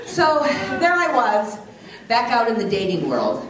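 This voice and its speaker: A woman's voice: a little high, big pitch swings, measured pace. A middle-aged woman doing a stand-up comedy set, teasing the crowd with brash jokes. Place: comedy club stage. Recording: echoey club from far off with loud crowd. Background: audience laughter.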